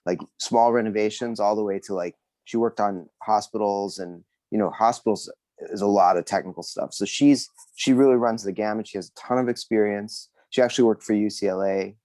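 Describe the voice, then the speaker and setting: A man in a networking group role-playing a referral call, speaking in halting bursts with many restarts as he eagerly vouches for a contact. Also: fairly low pitch, warm tone, no echo.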